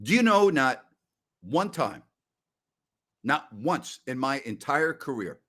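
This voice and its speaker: A man in his sixties hosting a casual post-game show, telling rambling stories loudly with salty language. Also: medium pitch, very animated, takes it slowly. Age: 60s. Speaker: host.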